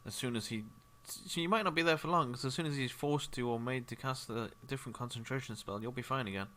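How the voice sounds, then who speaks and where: A man's voice: medium pitch, fast, bright, forceful tone. A man running a tabletop game as game master, chatting casually and checking the rules.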